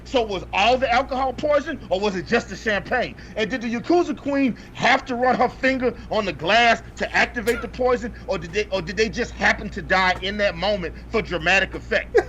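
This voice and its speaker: High-voiced man ranting about a bad movie. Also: fairly quick, few pauses, bright, forceful tone. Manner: exasperated, profane, repeats punchlines for emphasis. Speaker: podcast co-host reviewing movies. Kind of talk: comedic ranting movie review. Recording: dull lo-fi audio with faint noise.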